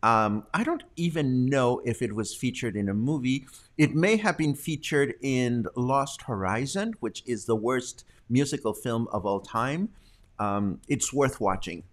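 A man's voice: medium pitch, lively intonation, unhurried. Chatty man hosting a news livestream. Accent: Mexican. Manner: chatty, prone to laughing fits. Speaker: host. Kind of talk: casual livestream chat.

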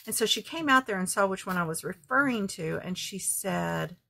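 A woman's voice: medium pitch, lively intonation, a little fast, creaky, hardly any pauses, sharp tone. A woman craft vlogger chatting casually and ramblingly as she shows off her thrift finds, often correcting herself. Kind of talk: casual show-and-tell haul.

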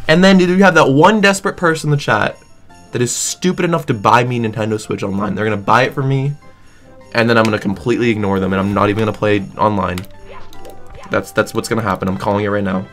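A man's voice: mid-range voice, quick pace, soft background music. A young man, a gaming streamer, ranting in a casual, jokey, exaggerated way, full of "like" and "dude". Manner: animated, exaggerated, jokey, many fillers like "like" and "dude". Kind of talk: casual comedic rant.

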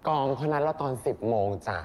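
An actress playing a middle-aged mother in a television drama who talks to her daughter in a brisk, practical, slightly scolding way. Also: a bass voice, a little mellow. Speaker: mother in a series clip.

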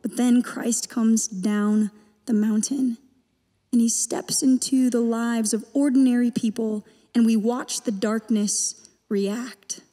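A woman preaching a sermon in a measured, reflective manner. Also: fairly high pitch, steady tone, dark tone, faint music behind. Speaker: pastor. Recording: long church reverb.

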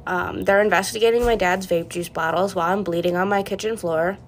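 A woman's voice: lowish voice, fairly even intonation, brisk, a little hiss or hum. Blunt young woman telling a story. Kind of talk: casual storytime to camera.

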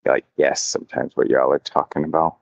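A man's voice: very deep voice, fairly even intonation, brisk, gravelly, dry recording, dull audio. A man hosting a casual walking livestream outdoors, rambling and profane with frequent chuckles, recorded on a handheld phone. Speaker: mycology channel host. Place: outdoors in botanical gardens.

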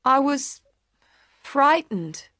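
A woman voicing a shy, earnest young woman in a storybook reading, speaking softly and sincerely. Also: high-pitched, big pitch swings, drawn-out words, no echo, clean studio sound, voice pushed up, heavily acted.

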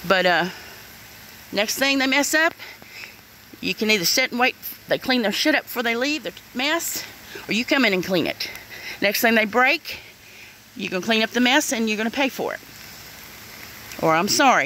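A middle-aged woman rants to her viewers while standing outdoors in the rain. Her voice is bright and sharp, and she swears bluntly, calling people "honey" and "y'all." Faint outdoor noise runs underneath. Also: medium pitch, lively intonation, moderate pace, poor audio. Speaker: vlogger. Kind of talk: casual vlog rant.

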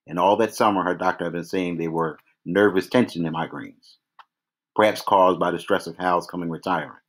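A man reading a novel aloud at a measured pace, now and then restarting a phrase. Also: deep voice. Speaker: reader. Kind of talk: read-aloud novel narration.

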